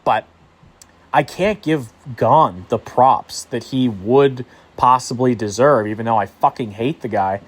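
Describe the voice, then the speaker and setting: A young man with a slightly raised voice rants about a fight in a heated, profane, casual recap. He swears freely and talks like he is venting to a friend. His manner stays loose, worked up and unscripted. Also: on the high side. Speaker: MMA commentator vlogger.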